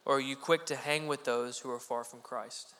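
A man preaching a sermon in a conversational, animated way, acting out little quoted voices. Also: medium pitch, moderate pace. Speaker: pastor. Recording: echoey hall with long reverb.

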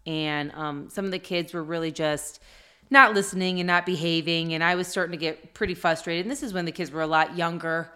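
Mom chatting on a podcast, earnest and heartfelt, kinda low voice for a woman. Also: steady tone, a little fast, pushed and bright. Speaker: podcast co-host. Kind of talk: casual chat.

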